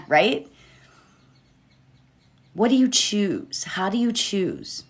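A woman's voice: mid-range voice, lively intonation, slow pace, pauses often. A woman hosting a positivity podcast, talking casually and rambling a bit, often checking in with "right?" and laughing. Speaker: podcast host. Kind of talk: casual motivational podcast talk.

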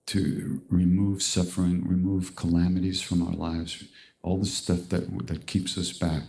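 Low-voiced man telling a spiritual story. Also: gravelly, dark tone. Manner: conversational, earnest, restarts often. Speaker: spiritual teacher.

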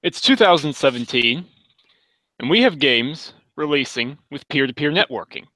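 A man's voice: fairly high pitch, expressive, moderate pace, sharp tone, poor audio. A man co-hosting a gaming podcast, venting with frustrated energy. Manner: frustrated ranting. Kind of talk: casual chat.

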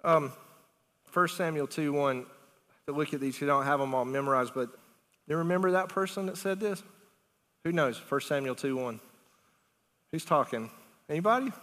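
A middle-aged male pastor preaching a lively, conversational sermon, asking the congregation questions and laughing often. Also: fairly high pitch, normal speed, long pauses. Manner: animated, conversational preaching with big swings in loudness. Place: church sanctuary. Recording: long reverb of a church hall.

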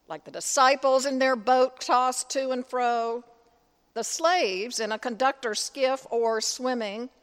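Slow, high-voiced woman preaching in a church. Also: big-room sound. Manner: slow, deliberate preaching with dramatic pauses. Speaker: priest. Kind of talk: sermon.

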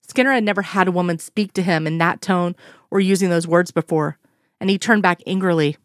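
Woman narrator, lower range, dry close mic, steady story reading. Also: a little fast, no room sound. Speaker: reader. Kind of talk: fan fiction read aloud.

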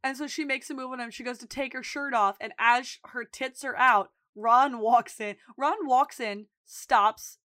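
A woman's voice: high-pitched, steady tone, moderate pace, hardly any pauses, pushed and bright, dry recording, studio quality. A woman co-hosting a podcast, animatedly retelling a TV episode and acting out the characters' lines in casual chat. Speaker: podcast co-host.

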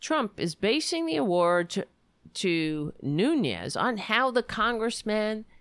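Slow, sarcastic American woman reading news. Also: mid-range voice, very animated, fairly bright tone, no room sound. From United States. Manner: sarcastic asides, stumbles over words, talks to her dog. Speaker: vlogger reading a news article aloud. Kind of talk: casual commentary reading aloud.

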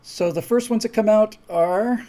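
A man's voice: high-pitched, measured pace, warm tone. A man who writes his own story project, chatting casually and enthusiastically to viewers with many restarts.

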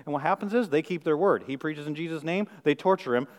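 Man, middle-aged, pastor, sermon, higher voice, rhetorical questions, hushed to loud swings. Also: quick pace, long reverb tail.

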